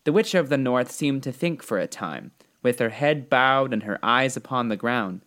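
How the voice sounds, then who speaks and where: A man reading a children's book aloud, telling the story in an expressive, unhurried way. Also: medium pitch. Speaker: storybook reader.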